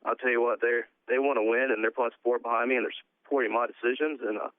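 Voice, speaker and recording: A man's voice: medium pitch, fast talker, no room sound. A man who races ATVs professionally, talking casually about his season in a phone interview, full of "uh" fillers. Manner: relaxed, plain-spoken, many "uh" fillers. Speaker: pro ATV motocross racer. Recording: tinny phone line.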